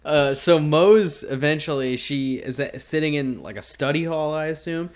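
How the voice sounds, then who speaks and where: A man's voice: on the high side, normal speed. Laughing, profane man on a podcast. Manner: laughs often, swears freely, animated. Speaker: podcast co-host. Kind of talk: casual chat recapping a TV episode.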